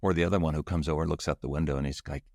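Very deep gravelly man, animated. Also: very fast, no echo, studio quality. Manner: animated, acts out little scenes to illustrate. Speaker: relationship podcast guest. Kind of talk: conversational storytelling.

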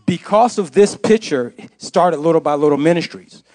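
An impassioned man shares his testimony before a congregation. His voice sits a little high, and he drives his points home by repeating phrases. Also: moderate pace, dark tone. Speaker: church speaker giving testimony. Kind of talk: sermon testimony.

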